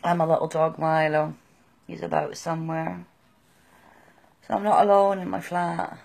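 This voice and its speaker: A middle-aged British woman gives halting, raw, emotional personal testimony. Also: lowish voice, fairly even intonation, gravelly, darkish tone. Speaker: person sharing her experience.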